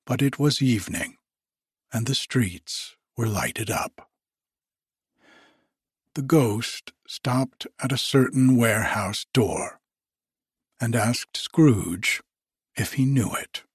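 Slow, husky man reading a story aloud. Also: mid-range voice, no room sound, studio quality. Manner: slow, measured delivery. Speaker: narrator.

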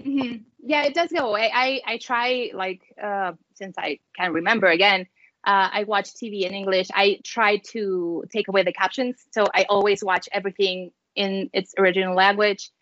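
A woman's voice: mid-range voice, steady tone, normal speed, a bit bright, no echo. A woman from Mexico speaks English with a light Mexican accent, a mother chatting as a guest. She talks in loose, friendly bursts, full of fillers and restarts. The sound is dry and a bit dull. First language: Spanish. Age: adult with children. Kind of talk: casual interview chat.

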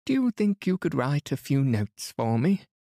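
A man's voice: on the high side, very animated, normal speed, mellow, no room sound, clean studio sound, voice pushed up. A man voicing an older genteel English lady with a fluttery, exclaiming manner.

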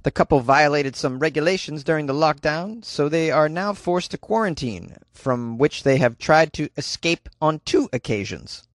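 A man's voice: a little high, expressive, normal speed, few pauses, no room sound. Wry man doing comedic news commentary. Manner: wry, joking asides, chatty. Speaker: host.

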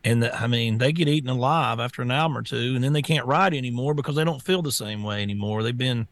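A man co-hosting a talk show, speaking haltingly with many stammered restarts. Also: mid-range voice, dry recording. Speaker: co-host. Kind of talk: casual talk show chat.

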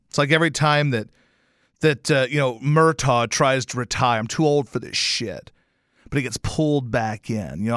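A man hosting a sports talk show, ranting and telling stories in a profane, animated way with sudden loud outbursts. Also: medium pitch, no echo, studio quality. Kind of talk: casual sports rant.

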